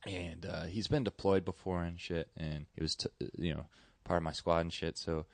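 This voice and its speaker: A man's voice: low voice, steady tone, normal speed, gravelly, no room sound. A man in his twenties, a comedian guest, tells rambling, profane stories full of fillers in casual chat.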